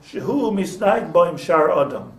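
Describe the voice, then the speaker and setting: A man's voice: high-pitched, expressive, unhurried. An older man, a rabbi, giving an informal class in a conversational, digressive way, full of stories and Hebrew terms. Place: classroom with small group. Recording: echoey room, distant mic, faint noise.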